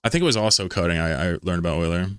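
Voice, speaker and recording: A man's voice: sits low, rapid-fire, fairly bright tone, clean tone. A man from Pennsylvania, streaming a game and chatting with viewers in a rambling, joking way, swearing freely. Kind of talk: casual live-stream chat while gaming.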